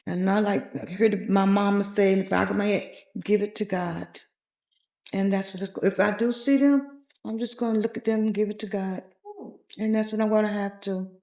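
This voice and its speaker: In a podcast interview, a middle-aged woman earnestly shares a heartfelt personal story. Her voice is medium-pitched with a steady, darkish tone, and she talks at a normal speed. The room she's in is echoey.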